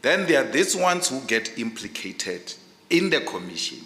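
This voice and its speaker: South African male commissioner, emphatic and insistent, tense bright voice, long hall reverb. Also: medium pitch, very animated, moderate pace. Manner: forceful, insistent, emphatic questioning. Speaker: panel commissioner. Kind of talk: formal panel interview. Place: large hearing room.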